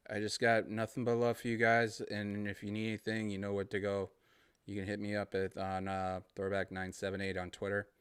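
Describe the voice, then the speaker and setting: Clear and resonant, his fairly low voice comes through in a dry, studio-quality recording. He's a podcast host from Massachusetts with a Boston accent, rambling amiably on his own show and laughing between thoughts.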